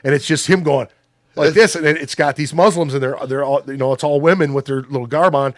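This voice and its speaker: A man's voice: fairly high pitch, steady tone, fast, dry recording, clean studio sound. A man telling a long story in casual chat as a podcast guest, swearing a lot and acting out the quotes in a rambling way. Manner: profane, rambling storyteller who acts out quotes.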